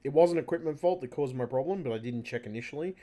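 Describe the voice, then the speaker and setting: Warm in tone and quick in pace, this man's mid-range voice carries a frustrated, profanity-filled ramble. He's hosting a casual vlog into his computer mic at home, repeatedly restarting and trailing off.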